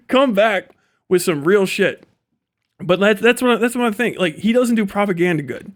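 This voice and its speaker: A man's voice: high voice, expressive, a little slow. A young man from Ohio ranting on a livestream, swearing constantly and laughing at his own jokes. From Ohio, USA. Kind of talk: profane live-stream rant.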